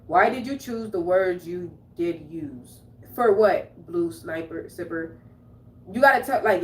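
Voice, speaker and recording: A woman poet hosting a livestream, speaking rawly and confrontationally and repeating phrases as she talks to her viewers. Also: mid-range voice. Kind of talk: emotional livestream monologue. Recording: roomy echo, distant mic, music behind.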